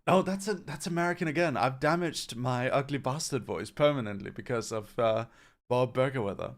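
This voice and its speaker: A man with a gravelly, creaky voice hosts a loose livestream Q&A, reading chat questions aloud. His answers ramble in a relaxed, offhand way at a mid pitch. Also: a little fast. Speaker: company CEO answering viewer questions. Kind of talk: casual livestream Q&A.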